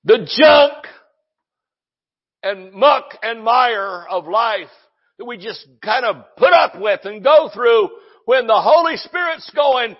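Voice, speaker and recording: A man preaching with a high, lively voice that swings up and down as he drives his points home. He shouts at times and jokes with the congregation. The recording sounds muffled and lo-fi. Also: takes it slowly. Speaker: pastor. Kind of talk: sermon.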